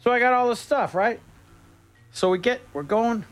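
A man's voice: extremely high pitch, normal speed, faint music behind. A man on the radio, telling a rambling funny story in a casual chat style, joking and laughing as he goes. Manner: animated, laughing, jokey storyteller.

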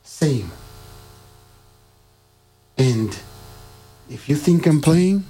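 A man giving a heartfelt motivational monologue to his listeners, preachy and repetitive, with his pitch jumping up to stress his questions. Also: lively intonation, a little slow, darkish tone, slightly rough, soft background music. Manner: preachy, repeats questions, swings pitch up for emphasis.

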